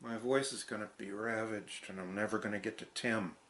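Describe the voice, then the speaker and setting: A man's voice: on the low side, fairly even intonation, fairly quick, fairly bright tone. A man with a dry throat muttering through blooper outtakes outdoors in the wind. He mocks himself and laughs at his own flubs. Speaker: horror show host and puppeteer.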